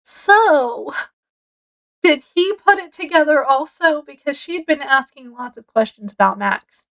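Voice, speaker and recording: A woman's voice: high voice, lively intonation, a little slow, a bit bright, low-quality recording. A woman giving a casual, chatty book review, rambling a bit with fillers as she retells the plot.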